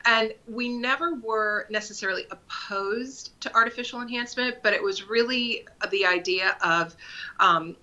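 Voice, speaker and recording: A woman in her fifties speaks as an interview guest, her tone very sharp and bright. She comes through a muffled, dull-sounding line. She talks conversationally and often tags her points with "right?". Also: fairly high pitch, normal speed. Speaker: guest, nail brand creative director. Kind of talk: casual interview.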